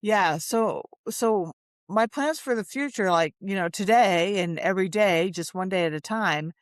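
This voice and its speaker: A woman's voice: medium pitch, measured pace, no echo, studio quality. A woman hosting a candid talk, speaking earnestly and openly about her feelings. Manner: earnest, open, reflective, emotional. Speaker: show host in recovery. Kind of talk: candid conversation.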